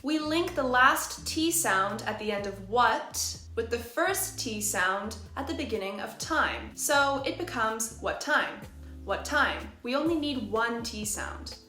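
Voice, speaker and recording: A woman teaching English pronunciation in a clear, deliberate way, slowing down to demonstrate phrases. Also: on the high side, expressive, bright, forceful tone, echoey room, faint music behind. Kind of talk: scripted pronunciation lesson.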